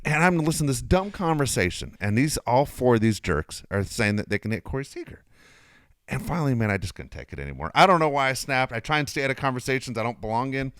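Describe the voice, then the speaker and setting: A middle-aged man co-hosting a casual chat show, telling a story animatedly, swearing freely and loudly acting out his own outbursts. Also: medium pitch, animated, fast, no echo, studio quality. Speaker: podcast co-host.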